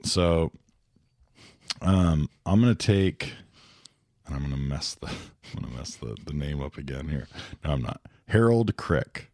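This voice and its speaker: Very deep-voiced excitable man. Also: measured pace, long pauses, no echo. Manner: excitable, laughs a lot, stumbles over words. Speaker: podcast co-host in a movie draft. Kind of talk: casual podcast banter.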